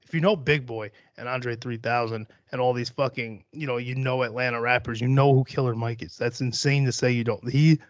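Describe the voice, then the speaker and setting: A man's voice: mid-range voice, steady tone, a little fast, hardly any pauses, no room sound. A young man hosting a solo podcast, rambling and swearing freely, mocking himself as he talks himself down. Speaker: podcast host. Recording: dry, slightly dull home recording.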